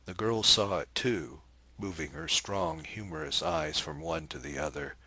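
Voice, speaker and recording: A man narrating a novel as an audiobook, in a measured, even storytelling manner on a close microphone. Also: low-pitched, gravelly, husky, no echo.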